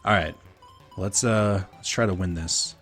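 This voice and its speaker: A man's voice: low-pitched, unhurried, a bit bright, faint music behind. A man from Minnesota giving casual, profane commentary on a video game he is playing while chatting with his viewers. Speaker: let's play streamer.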